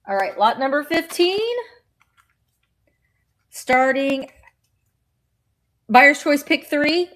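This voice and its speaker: A bubbly, chatty woman hosts a casual live sale, playful and a little sing-song. Her voice sits on the high side. She talks in an unhurried way. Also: fairly bright tone. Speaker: vintage seller running a live auction.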